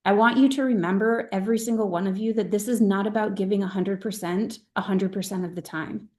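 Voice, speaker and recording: A woman's voice: medium pitch, fairly even intonation, a little fast, a little mellow. A middle-aged woman leading her sales team on a video call, speaking in an earnest, emphatic and heartfelt way. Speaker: direct-sales team leader.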